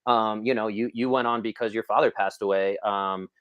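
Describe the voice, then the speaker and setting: Male podcast host, low voice, dry close mic, chatty storyteller with lots of fillers. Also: fairly even intonation, a little fast, no echo, highs cut off. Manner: storytelling, self-deprecating, many fillers. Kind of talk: casual interview chat.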